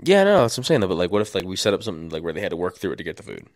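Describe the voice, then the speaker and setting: Young man, casual podcast co-host, slightly low voice, laid-back, swears and laughs a lot. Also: sing-song, racing, no echo, studio quality. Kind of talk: casual chat.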